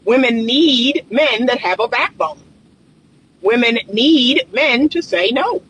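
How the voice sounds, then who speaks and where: Male coach, high bright voice, emphatic repeater, vlogging from a car. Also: animated, slow pace, slight background noise, low-quality recording. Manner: chatty, emphatic, repeats points to drive them home. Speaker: relationship coach. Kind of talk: casual talking-head commentary.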